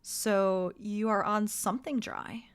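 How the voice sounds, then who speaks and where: A woman running a tabletop role-play game, describing scenes in a slow, measured way. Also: medium pitch, clean tone. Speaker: game master.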